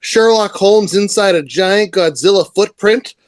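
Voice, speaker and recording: A man's voice: high voice, measured pace, no room sound. Male podcast co-host, gushing and rambling, dry close mic. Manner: enthusiastic, rambling, laughs often. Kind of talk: casual comic book review chat.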